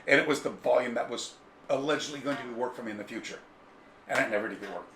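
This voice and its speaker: Animated man telling stories in an echoey room. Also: medium pitch, fast. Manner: animated, digressive, mimics people in his stories. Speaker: interview guest, karate author. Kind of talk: casual storytelling. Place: a room in his home. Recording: echoey room with faint ambience.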